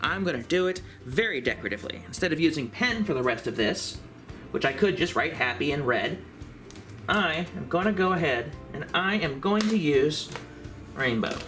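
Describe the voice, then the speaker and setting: A man giving a calm, step-by-step craft tutorial for a library. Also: on the high side, normal speed, soft background music.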